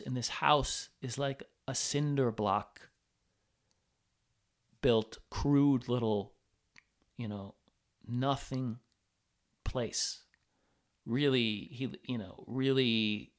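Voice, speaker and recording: A man hosting a podcast, telling a travel story casually, swearing often and acting out what others said in a raised voice. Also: mid-range voice. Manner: animated, swears, quotes people in raised voice. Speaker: podcast host.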